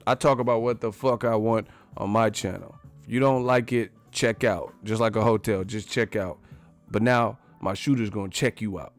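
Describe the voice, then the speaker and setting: A man's voice: lowish voice, steady tone, normal speed, faint music behind. A man hosting a casual live stream, profane and laughing often as he reacts to the chat.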